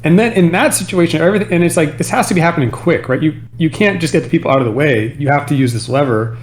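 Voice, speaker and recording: A man's voice: a little high, fast. A man co-hosting a casual podcast, joking and thinking ideas through aloud. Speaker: podcast co-host.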